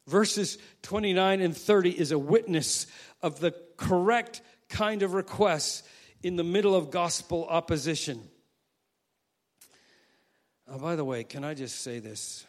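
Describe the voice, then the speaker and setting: A male pastor preaching a sermon, swinging from quiet asides to loud, emphatic quoted prayers. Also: a little high, unhurried.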